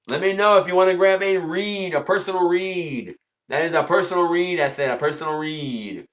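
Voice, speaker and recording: A man's voice: sits high, normal speed, fairly bright tone. A man hosting a tarot livestream in casual chat, repeating himself and greeting viewers by name.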